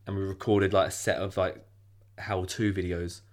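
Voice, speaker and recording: A man's voice: deep voice, level tone, moderate pace. A man, a podcast guest, reminiscing in hesitant casual chat. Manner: hesitant, reminiscing, laughs easily.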